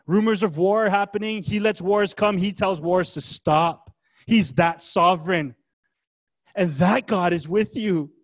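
A man preaching a sermon as a pastor, swinging between hushed, gentle passages and loud, emphatic ones, with casual asides. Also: sits high, unhurried.

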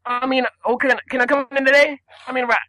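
A man playing an indignant fast-food customer on a prank call, rambling through his complaint. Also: extremely high pitch, flat delivery, pushed and bright, no room sound, poor audio.

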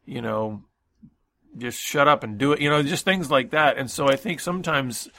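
A man co-hosts a Christian radio talk show in a bright, forward voice at a middle pitch. He speaks earnestly and reflectively, slowing down to weigh his words. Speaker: radio co-host.

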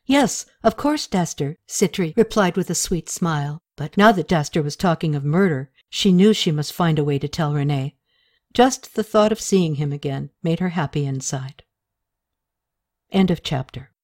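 A woman narrating an audiobook in a calm, measured way. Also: low voice.

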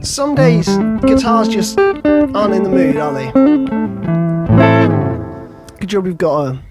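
A man's voice: high voice, big pitch swings, slow pace. A man co-hosting a casual podcast, playful and laughing, swearing freely in the banter. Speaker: podcast co-host. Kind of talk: casual chat between musicians. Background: loud guitar music.

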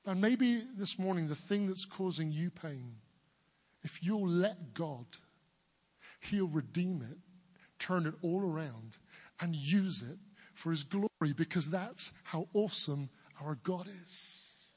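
A pastor in his forties from England preaches with a big, booming voice that sits fairly high. He builds earnestly toward emphatic declarations. His words ring out with a long echo, as in a church hall. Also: expressive, slow pace, darkish tone, slightly rough. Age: 40s. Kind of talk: sermon.

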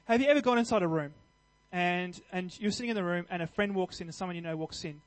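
Male preacher, high voice, earnest and conversational, emphatic at peaks. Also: fast talker, low-quality recording. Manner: earnest, conversational, with restarts and fillers; builds to louder emphatic passages. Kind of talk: sermon.

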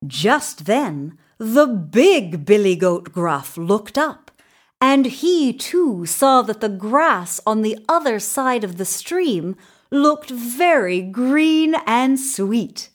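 Female storybook narrator; animated, expressive reading, slow, slightly high voice.

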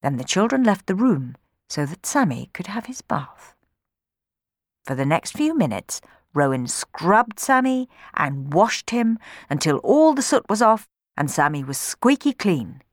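A woman reading a children's storybook aloud in an expressive way, changing her voice for the characters. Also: lowish voice, measured pace, dry recording, studio quality.

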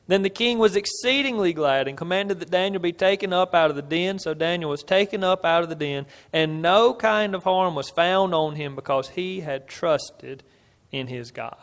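A man's voice: fairly high pitch, normal speed, vocal fry, fairly bright tone. Man preaching in a reverberant hall. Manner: earnest storytelling, builds emphasis, asks listeners "right?". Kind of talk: expository sermon on scripture. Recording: long reverb of a large hall.

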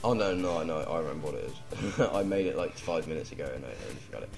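Deep-voiced young man hosting a podcast. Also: animated, rapid-fire, gravelly, faint music behind. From England. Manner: rambling, self-deprecating, full of ums. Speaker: podcast host. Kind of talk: casual podcast banter.

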